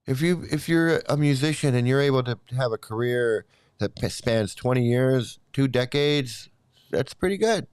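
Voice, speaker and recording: A man's voice: medium pitch, moderate pace, darkish tone, clear, resonant tone, no room sound, studio quality. A middle-aged man giving an angry, profane commentary rant, repeating himself heatedly. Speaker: YouTube commentator.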